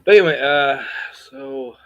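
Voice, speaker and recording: A young man chatting casually in a vlog at home, rambling and hesitant, with a gravelly, husky voice on a webcam or phone mic. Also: mid-range voice, normal speed, muffled recording. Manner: rambling, hesitant, lots of fillers. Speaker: vlogger.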